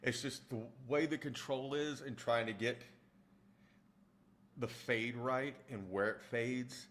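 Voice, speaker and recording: A man's voice: medium pitch, fairly even intonation, takes it slowly, fairly bright tone. A man chatting casually with livestream viewers, rambling and restarting sentences as he answers their comments about his narration work. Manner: rambling, with frequent restarts while answering chat. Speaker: streamer and audiobook narrator.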